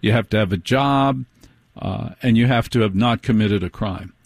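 A man hosting a late-night radio talk show, chatting with wry, animated asides and telling stories. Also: fairly low pitch, moderate pace, gravelly, no echo.

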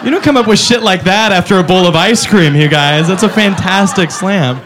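A man doing a stand-up comedy set on a club stage, profane and incredulous, with quick asides to the audience. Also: high-pitched. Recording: live club recording with audience noise. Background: audience laughter.

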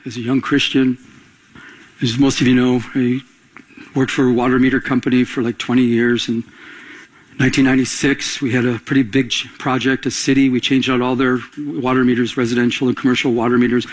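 A man's voice: mid-range voice, flat delivery, brisk, poor audio. A man preaching a sermon, telling stories and calling for responses from the congregation. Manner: call-and-response preaching, rising emphatic. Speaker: pastor.

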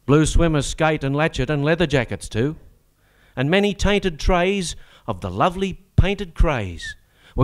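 Smooth-voiced Australian man reciting comic verse. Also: medium pitch. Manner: rollicking, rhythmic rhyming delivery. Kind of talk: comic bush-ballad recitation.

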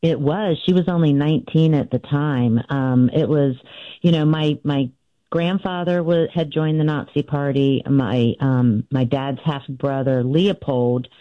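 A woman's voice: sits low, steady tone, measured pace, dry recording. A woman in her sixties, an author guest, telling her family story in a conversational way, with many fillers and restarts as she recounts events. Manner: recounts events with frequent fillers and restarts, acting out quoted voices. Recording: tinny phone-line sound.

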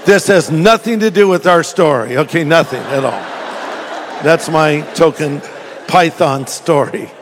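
A man preaching a sermon in church, telling stories in a jokey, animated way. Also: a little high, unhurried, in a large hall, some chatter behind, slight background noise. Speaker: pastor.

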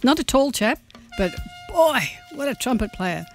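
A woman's voice: a little high, animated, fairly quick, faint music behind. A woman presenting community radio, chatting casually with fillers and hesitations.

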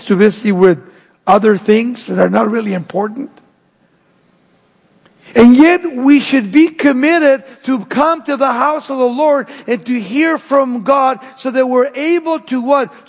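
A man preaching a sermon as pastor, swinging his voice high and low. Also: gravelly, slightly rough. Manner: preaching with sweeping rises and drops in pitch. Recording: long hall reverb.

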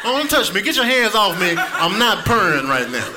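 A man voicing a hungry, irritated house cat who loudly scolds its owner for an empty dish. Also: high voice, big pitch swings, moderate pace, noisy background. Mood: demanding. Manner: loud, indignant, scolding.

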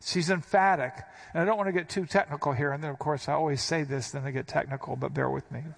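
A man's voice: fairly high pitch, steady tone, fast, gravelly. A man preaching a sermon, explaining scripture with emphatic, dramatic inflections. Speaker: pastor.

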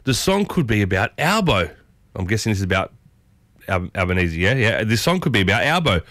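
A man with an Australian accent hosting a morning radio show alone, chatty and upbeat, with sudden excited jumps up in pitch. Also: brisk, dry recording. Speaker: radio host. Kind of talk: solo morning radio chat. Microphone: studio microphone.

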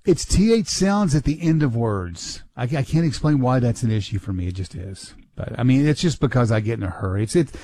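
A man's voice: mid-range voice, expressive, brisk, few pauses, warm tone, dry recording. A man from Kentucky with a faint Southern accent, chatting casually on a radio show, rambling and correcting himself with small chuckles.

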